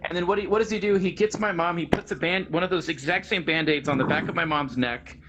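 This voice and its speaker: A man in his thirties telling stories in casual chat, animated and rambling, laughing often. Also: fairly high pitch, quick pace, noisy background. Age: 30s. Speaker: guest.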